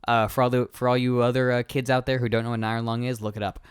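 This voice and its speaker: A man's voice: mid-range voice, flat delivery, racing, clean tone, dry recording, studio quality. A man co-hosting a podcast, recapping a film in loose, joking casual chat. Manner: loose and joking, full of likes and restarts. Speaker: podcast co-host. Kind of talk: casual movie review chat.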